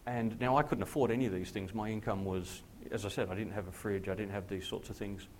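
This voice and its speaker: A man, a pastor telling a personal testimony in a sermon, acting out the dialogue with lively jumps in his voice. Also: fast, a little hiss or hum. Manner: animated storyteller who acts out dialogue with big pitch jumps.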